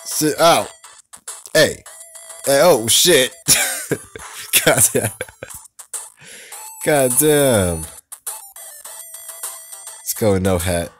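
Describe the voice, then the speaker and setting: A man playing a wrestling video game, cursing and shouting at the characters on screen in excitable commentary. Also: mid-range voice, very slow, pauses often, faint music behind. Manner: loud and excitable, trash-talking the screen. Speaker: let's play gamer. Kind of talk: profane gameplay commentary.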